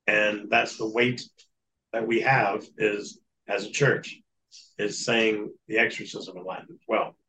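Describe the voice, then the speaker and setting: A man's voice: on the low side, flat delivery, measured pace, sharp tone, a little hiss or hum, poor audio. Man telling a story in an interview. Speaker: guest recounting exorcism experience.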